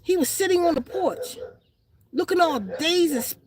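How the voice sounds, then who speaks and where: A woman's voice: extremely high pitch, lively intonation, moderate pace, crowd noise. A woman vlogger telling a story in casual, blunt, profane street slang, outdoors in the sun.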